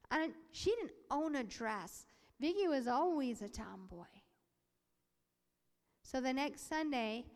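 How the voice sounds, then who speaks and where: A woman's voice: a little high, darkish tone. A woman voicing a preacher's sermon and personal testimony, telling the story with animation, acting out the quoted voices and sometimes dropping to a whisper. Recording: long hall reverb.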